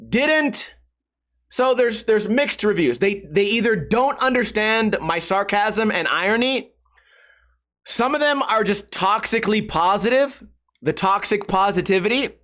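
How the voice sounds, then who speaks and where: A man's voice: sits high, pushed and bright. A young man hosting a solo podcast, ranting sarcastically with lots of swearing and mocking impressions of commenters. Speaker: podcast host.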